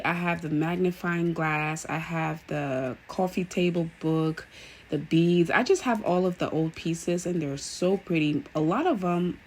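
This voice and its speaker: A woman chatting casually through a home decor vlog, gushing now and then with excited cheers. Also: deep voice. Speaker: home vlogger.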